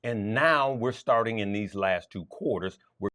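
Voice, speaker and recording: Speaking at a moderate pace in a lowish voice, the host of a stock trading show walks viewers through charts, lively and emphatic, repeating his points to drive them home.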